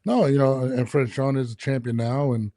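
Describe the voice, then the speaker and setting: With a mid-range voice at a moderate pace, a man ranting on his home-studio podcast curses freely in a casual, animated way. There's no room sound, and he records with studio headphones and a mic.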